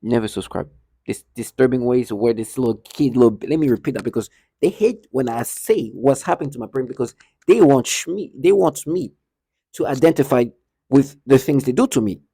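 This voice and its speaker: A man's voice: medium pitch, animated, fairly quick, mellow, slightly rough, no room sound, clean studio sound. A man ranting indignantly to the camera in a monologue, repeating himself and stumbling over restarts. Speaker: vlogger. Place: indoor building hallway.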